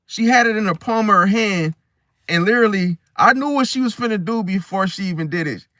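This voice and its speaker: A man's voice: high voice, fairly quick, dry recording. A man hosting an astrology channel, telling rambling stories in casual slang, recorded close and dry. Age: adult, once married. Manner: slangy, rambling, animated storyteller. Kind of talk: casual storytelling monologue.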